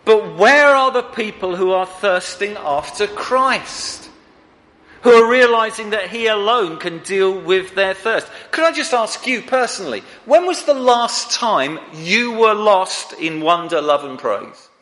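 Man, preacher, sermon, bright forceful tone, earnest, long church reverb. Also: high-pitched, lively intonation, a little slow. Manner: earnest, asks the congregation direct questions.

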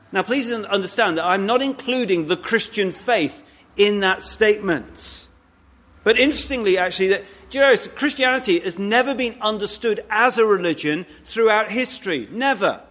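A man with a high-pitched voice preaches a sermon to his congregation. He talks conversationally, often restarting his sentences and throwing in asides. On his key points he slows right down and leans on the words. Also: a bit bright. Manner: emphatic, slowing down on key points.

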